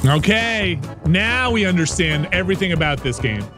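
A man's voice: sits high, expressive, normal speed, over music. A man hosting a casual game stream, chatty and sorting out technical hitches as he runs the game. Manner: chatty, trouble-shooting, running the game. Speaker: stream host.

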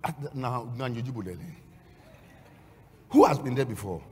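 A man preaching a sermon as a pastor, swinging between storytelling and loud, half-sung, shouted exhortation. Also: medium pitch, animated, normal speed. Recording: long hall reverb.

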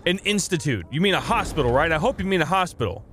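A young man giving casual, excitable gameplay commentary, often swearing and saying dude. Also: a little high, fast talker, noisy background. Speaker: let's play gamer. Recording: game music playing behind.

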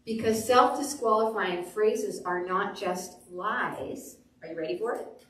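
A woman pastor preaching a sermon, telling stories with animated delivery and acting out quotes. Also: mid-range voice, unhurried, recorded from a distance. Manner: animated storytelling, acts out quotes. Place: church sanctuary. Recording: echoey room, voice off the mic.

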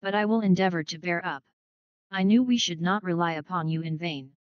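A woman voicing a playful, formal older gentleman in a dry, dull recording. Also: fairly low pitch, a little fast, dry recording, natural voice. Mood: teasing. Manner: playful, formal, mock-solemn. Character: genteel older English gentleman, twinkling and teasing.

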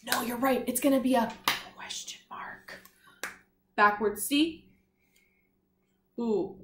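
A woman teaches young children in a slow, deliberate way, spelling words letter by letter and praising each answer. Her voice carries a roomy echo, as if she is recording in a bare classroom. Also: on the high side, a bit bright. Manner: patient, encouraging, sounds out letters. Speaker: kindergarten teacher.

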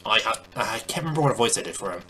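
A man's voice: lowish voice, expressive, fast, bright, forceful tone, slight background noise. A man casually commenting in a playful, chatty way as he plays a video game. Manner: playful, chatty, reacts aloud. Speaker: let's play host.

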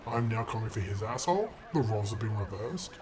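Speaking fast and animated in a fairly low pitch, this young gaming channel host records profane commentary into a desk mic at home, with background noise present. He hurls crude, sarcastic trash talk at other drivers and erupts into sudden shouting.

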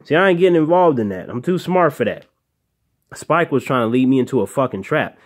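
A man's voice: medium pitch, animated, brisk. A man telling a comic tale to his channel in a brash, swaggering, profane way. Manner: brash, swaggering, heavy swearing. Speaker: storyteller host.

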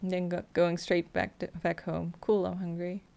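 A woman playing a video game, reading the on-screen text messages aloud in a flat, quick way between casual comments. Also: fairly low pitch, vocal fry. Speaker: gameplay streamer. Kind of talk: casual let's-play commentary.

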